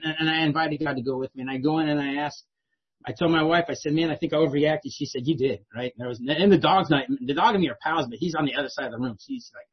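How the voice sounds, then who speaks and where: Middle-aged guy telling a recovery story, fast, a little high, husky, dull lo-fi sound. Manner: animated, repeats "right?" often. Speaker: speaker sharing a recovery story. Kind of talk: storytelling talk.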